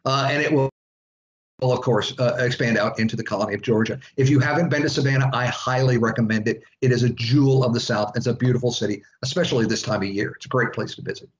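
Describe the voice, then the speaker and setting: A man's voice: medium pitch, steady tone, fast talker, slight background noise. A man from Florida giving a casual, chatty history lecture to students, full of asides. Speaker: history instructor. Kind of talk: classroom lecture. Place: classroom. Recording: echoey room, dull lo-fi sound.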